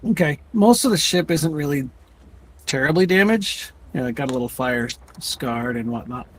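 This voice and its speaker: A man's voice: a little high, lively intonation, normal speed, slight background noise. A man narrating as game master of a tabletop game, rambling with frequent restarts.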